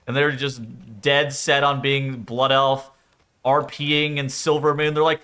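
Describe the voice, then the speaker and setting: A man's voice: medium pitch, flat delivery, unhurried, pushed and bright, clean tone. A man chatting casually on a game stream, rambling, swearing freely and laughing often.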